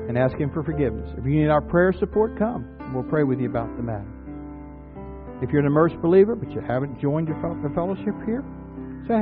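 A man preaching a congregational sermon in earnest, circling back to the same points and tossing out rhetorical questions. His voice sits somewhat high for a man. It comes through thin and tinny, like a phone line, with faint music underneath. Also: sing-song, quick pace. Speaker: pastor.

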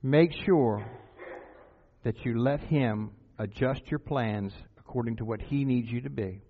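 At a measured pace, a man with a mid-range voice preaches to his own congregation, pressing them with repeated heartfelt appeals and rhetorical questions. The sound is tinny, like a phone, with faint music and a little hiss or hum.

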